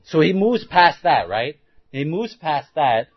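A man's voice: on the high side, sing-song, unhurried, dull audio. A man preaching a sermon, putting rhetorical questions to his listeners and restarting words as he thinks aloud.

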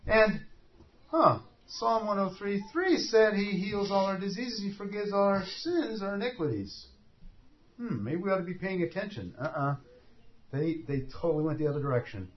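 A man preaching a sermon, telling the story vividly and acting out the scenes as he goes. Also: sits high. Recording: dull lo-fi recording.

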